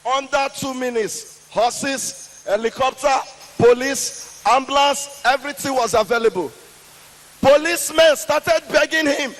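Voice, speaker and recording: A Nigerian man tells stand-up stories in a very high voice with slow, deliberate, drawn-out emphasis. His Nigerian accent is clear throughout. A long reverb from a big hall trails each phrase. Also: a bit bright. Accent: Nigerian English. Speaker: stand-up comedian. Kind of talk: stand-up storytelling. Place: large hall with a live audience.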